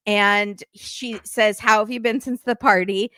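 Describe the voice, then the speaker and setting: A woman's voice: mid-range voice, steady tone, a little slow, bright, forceful tone, no echo, studio quality. A woman hosting a podcast, recapping a reality show in casual chat and acting out the quotes with a wry tone. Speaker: podcast host.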